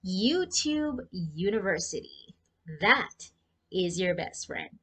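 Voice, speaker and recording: A woman's voice: mid-range voice, big pitch swings, slow pace, pushed and bright, husky. A young Jamaican woman giving chatty freelancing advice and talking straight to her viewers in a casual vlog. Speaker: freelancing vlogger.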